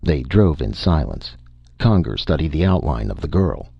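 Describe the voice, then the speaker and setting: A man reading a short story aloud as narrator, in a steady storytelling way. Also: very deep voice, moderate pace, gravelly, slightly rough, no room sound, highs cut off.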